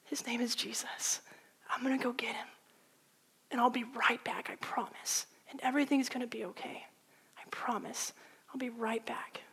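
A woman voicing a grieving father who whispers softly to his dying daughter, in a whispered role-play. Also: a little high, flat delivery, normal speed, breathy edge, exaggerated voice, poor audio. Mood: tender whisper.

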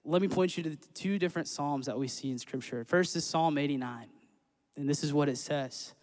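Upbeat male worship leader, slightly high voice, sanctuary reverb. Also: fairly quick, darkish tone. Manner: upbeat, joking, earnest. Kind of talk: church service worship talk and scripture reading. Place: church sanctuary. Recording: echoey church hall with long reverb.

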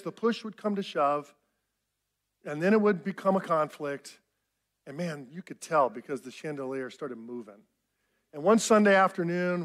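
Guy in his 50s giving a sermon, high voice, animated storytelling, pokes fun at himself. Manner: storytelling, animated and self-mocking. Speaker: pastor.

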